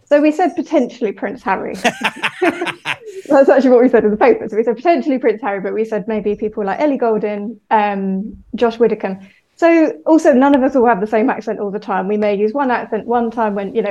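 A woman's voice: medium pitch, a little fast, warm tone, poor audio. A woman lecturer with a South East English accent, explaining patiently with fillers in a radio interview. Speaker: linguistics lecturer, guest.

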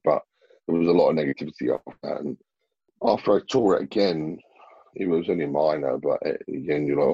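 A man's voice: very deep voice, a little fast, husky, no room sound, muffled recording. A man talking as a bodybuilder guest in a casual interview, blunt and swearing freely.

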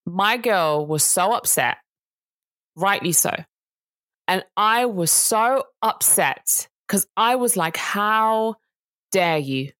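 A woman's voice: medium pitch, takes it slowly, fairly bright tone, no echo. A woman, co-hosting a casual chat and telling a story in an earnest way that rises to indignant emphasis. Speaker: podcast co-host.

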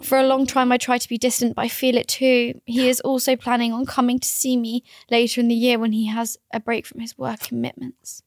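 A woman with a slightly high voice chats through a casual podcast and reads listener letters aloud, stopping to react. The sound is close and dry, with no room around it. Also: level tone, brisk, few pauses, no echo. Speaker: podcast co-host.

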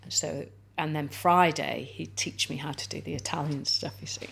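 A woman in her sixties with a low voice chats as a lunch guest. She tells long, loose stories and keeps throwing in little asides to the people at the table. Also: fairly even intonation, normal speed, vocal fry, very noisy. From North Wales. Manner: chatty storyteller, lots of "like" and "you know". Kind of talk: casual chat over lunch.

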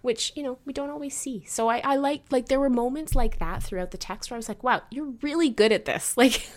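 A woman co-hosting a casual book discussion, chatty and animated, laughing often and filling her talk with "like". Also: high-pitched, quick pace. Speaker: book podcast co-host.

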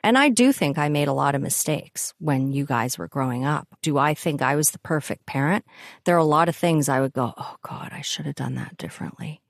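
A woman's voice: sits low, expressive, a little fast, no echo, clean studio sound. A middle-aged woman hosting a podcast, speaking candidly and thoughtfully about her own parenting. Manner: candid, thoughtful, self-critical. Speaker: podcast host, mother. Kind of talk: casual conversation.

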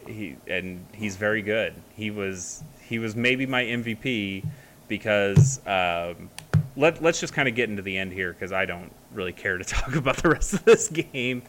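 A man's voice: fairly low pitch, animated, moderate pace, a bit bright, a little hiss or hum. A man chatting casually as a co-host, rambling with many fillers and restarts. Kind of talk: casual chat.

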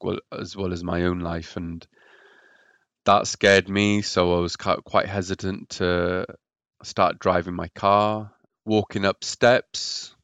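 A man's voice: deep voice, a bit bright, no room sound, muffled recording. A man telling his own story as a podcast guest, hesitant and often repeating words. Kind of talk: personal story in a podcast interview.

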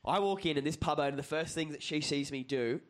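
A man's voice: on the high side, quick pace. A man co-hosting a comedy podcast, telling a rowdy story with plenty of swearing in casual banter. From Australia. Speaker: podcast co-host. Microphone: podcast mic in a car.

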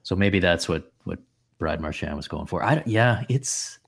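A man with a very deep voice co-hosts a relaxed sports chat. He muses out loud and often stops to rephrase himself. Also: normal speed, vocal fry, slight background noise. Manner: musing, thinks aloud with many restarts. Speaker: podcast co-host.

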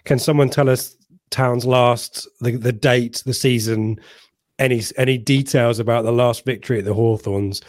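A man's voice: medium pitch, fairly even intonation, moderate pace, no echo, clean studio sound. A man with an English accent hosting a casual football podcast, stumbling over words and reading out the live chat. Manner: hesitant, repeats words, reads the live chat. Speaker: podcast host.

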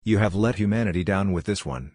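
A man voicing a deadpan male android who delivers flat, insulting lines. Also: fairly low pitch, quick pace, no echo, studio quality, close to an everyday voice. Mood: scornful.

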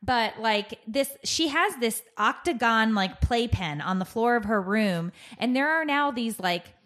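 Middle-aged woman host, casual storyteller, lively and animated. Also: unhurried. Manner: animated, laughs, acts out her daughter in a high crying voice. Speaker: podcast host telling a story.

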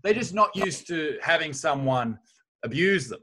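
A man's voice: a little high, animated, normal speed, pushed and bright, slightly rough. A man, a stand-up comedian, telling brash, sweary stories in casual chat.

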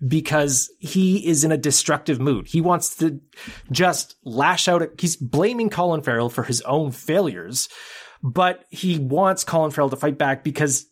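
A man's voice: a little high, measured pace. A married man co-hosting a podcast, discussing a film in casual chat, swearing freely and acting out scenes. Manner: animated, swearing, acts out film scenes in quotes. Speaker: podcast co-host.

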